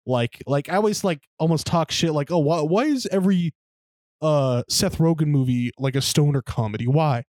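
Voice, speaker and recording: Young male co-host, slightly high voice, rambling and profane, dry close sound. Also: moderate pace, a little mellow, no room sound. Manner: rambling, profane, laughs while telling stories. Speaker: podcast co-host. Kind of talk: casual chat.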